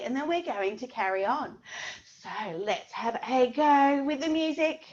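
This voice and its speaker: A woman leading a parent-and-baby signing class, animated and sing-song, making animal noises for the little ones. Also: sits high, a little slow, highs cut off.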